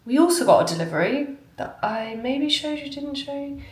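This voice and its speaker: A woman's voice: high voice, animated, moderate pace, a little mellow, reverberant, rough recording. A woman chatting casually and gushing as she unboxes things at home in an unboxing vlog. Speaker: vlogger. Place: home, indoors.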